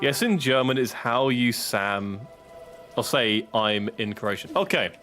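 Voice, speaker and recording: Excitable English man streaming a game. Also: medium pitch, unhurried, soft background music. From England. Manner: excitable, yelps and swears at setbacks. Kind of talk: casual gameplay commentary.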